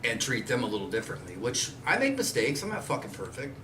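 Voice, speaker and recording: A man's voice: medium pitch, huge pitch swings, quick pace, background noise. A man in his forties, hosting a podcast, talking in a blunt, rambling way and swearing often. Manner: blunt, swears a lot, loose rambling talk. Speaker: podcast host. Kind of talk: casual chat. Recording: roomy and distant with faint ambience.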